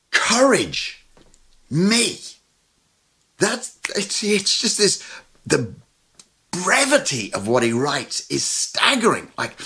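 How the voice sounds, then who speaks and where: Man preaching, husky, animated storytelling delivery. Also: high-pitched. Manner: animated, lively storytelling with sudden loud and soft turns. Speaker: pastor. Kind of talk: sermon.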